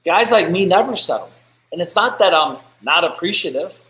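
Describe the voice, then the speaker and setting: A fired-up man hosting a live business stream, preaching bluntly and swearing freely. His voice sits high for a man, and it rings in an echoey room. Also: expressive, moderate pace, sharp tone. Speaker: business podcast host. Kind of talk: live-streamed motivational rant.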